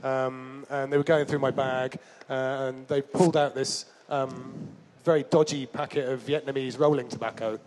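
A man's voice: medium pitch, fairly even intonation, moderate pace, few pauses, a little mellow, a little hiss or hum. A man being interviewed about his overland travels, telling rambling, self-deprecating stories full of fillers and restarts. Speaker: traveller and author, interview guest. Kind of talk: casual storytelling interview.

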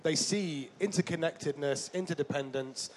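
A man's voice: fairly high pitch, normal speed, a little mellow, slight background noise. A man being interviewed about his overland travels, telling rambling, self-deprecating stories full of fillers and restarts. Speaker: traveller and author, interview guest. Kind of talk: casual storytelling interview.

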